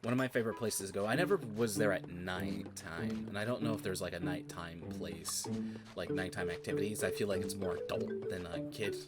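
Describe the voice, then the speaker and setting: A man's voice: low voice, steady tone, a little fast. A man streaming a video game and chatting casually, rambling, laughing often and swearing freely as he tells stories. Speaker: streamer and tabletop game master. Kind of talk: casual chat while playing a video game. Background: video game music.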